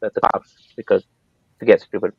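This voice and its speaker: A man's voice: lowish voice, flat delivery, fairly quick, vocal fry, breathy edge, no room sound. A man in casual chat on a podcast, telling rambling stories and acting out the people he quotes. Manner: rambling storyteller, acts out quoted voices. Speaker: podcast host. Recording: dull lo-fi sound.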